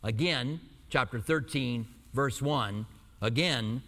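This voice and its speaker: A man preaching verse by verse, reading scripture at a measured pace before easing into relaxed, lightly humorous explanation. His voice sits at an ordinary pitch for a man and carries the long reverb of a large hall. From Albuquerque, New Mexico. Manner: reads scripture slowly, then explains in a conversational, lightly joking aside. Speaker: pastor. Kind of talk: verse-by-verse sermon. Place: church in Tucson.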